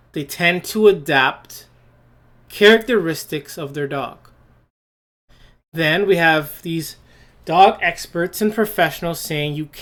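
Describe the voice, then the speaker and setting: A man's voice: fairly high pitch, fairly bright tone. A man hosting a solo opinion podcast, blunt and scornful, firing rhetorical questions and restarting his phrases as he goes. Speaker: podcast host. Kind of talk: opinion monologue.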